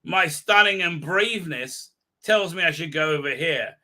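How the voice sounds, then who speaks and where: Give me a smug self-righteous heroine, a drawling mockery, as a man puts her on, pitched a touch lower and quieter than his own talk. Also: lively intonation, normal speed. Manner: mocking, drawling. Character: smug self-righteous young woman hero.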